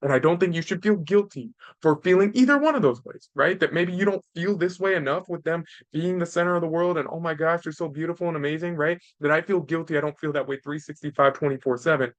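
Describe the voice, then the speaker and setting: A man's voice: a little high, quick pace, hardly any pauses, no echo. A man in his thirties hosting a podcast, giving casual parenting advice in an earnest way and ending point after point with "right?". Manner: earnest, tags nearly every point with "right?". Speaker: podcast host.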